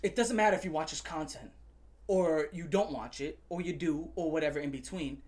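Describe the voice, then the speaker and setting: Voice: mid-range voice, brisk, a little mellow. A commentary host ranting angrily, swearing often and repeating phrases for emphasis. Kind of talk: profane angry rant.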